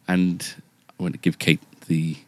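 Podcast host, very low voice, dry close sound, rambling anecdote teller. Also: male voice, little pitch movement, normal speed, darkish tone, dry recording. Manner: rambling, full of fillers and self-mocking asides. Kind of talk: casual anecdote telling.

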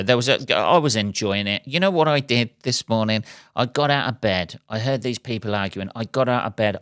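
Solo podcast host, man, smooth clear voice, dry close sound, sweary and wry. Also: medium pitch, fairly bright tone, no echo. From England. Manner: profane, wry, chuckling asides. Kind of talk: rambling solo podcast monologue.

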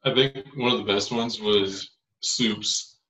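A young man telling stories as a guest in a casual chat, in a relaxed way, saying "like" a lot. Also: lowish voice, slow. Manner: relaxed, lots of "like". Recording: echoey room, dull lo-fi sound.

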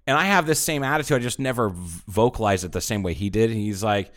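A lower-pitched man swears his way through a loose, rambling story. He keeps acting out the quotes as he co-hosts a casual podcast chat. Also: animated, fast talker, few pauses, fairly bright tone. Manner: profane, rambling storyteller who acts out quotes. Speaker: podcast co-host.

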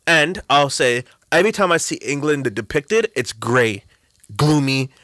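A man's voice: fairly high pitch, unhurried, sharp tone, no echo, clean studio sound. A man in a casual chat, talking bluntly and profanely, often breaking into laughter.

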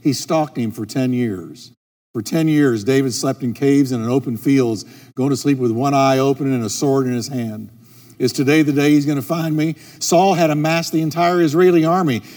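A man's voice: mid-range voice, moderate pace. A middle-aged man preaching a sermon as a pastor, driving his points home by repeating key phrases. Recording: long reverb with soft music.

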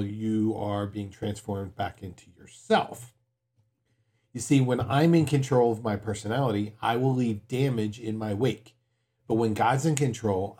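A man in his forties preaching a sermon, earnest, mixing stories with quiet, emphatic points. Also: medium pitch. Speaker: pastor.

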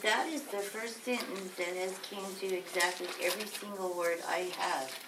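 A woman in a Bible study group speaks up with a comment. She is far from the microphone, and her voice comes through with clear background noise. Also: on the low side, steady tone, moderate pace.

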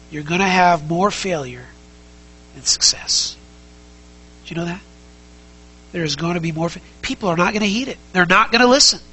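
A man's voice: high-pitched, sharp tone, slightly rough, rough recording. A man preaching a sermon as pastor, conversational and emphatic, asking the congregation many rhetorical questions and repeating key phrases.

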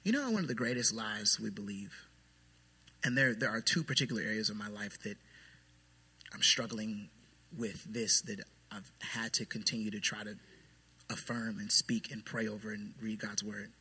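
A man preaching a sermon as pastor, emphatic and then quietly intense. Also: on the low side, normal speed, breathy edge. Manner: emphatic preaching that drops to soft, hushed intensity. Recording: long hall reverb.

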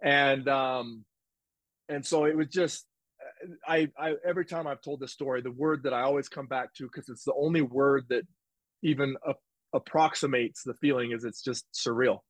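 A man telling a personal story in a casual interview, animated and rambling, with restarts and quoted dialogue. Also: mid-range voice, normal speed, dry recording, poor audio. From United States. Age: 20s. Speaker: guest, former football player. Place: home office.

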